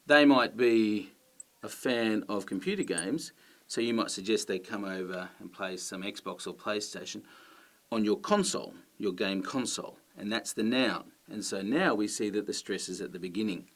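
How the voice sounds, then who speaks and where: Australian male teacher, lower voice, clear and emphatic delivery to camera. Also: normal speed. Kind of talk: explaining to camera.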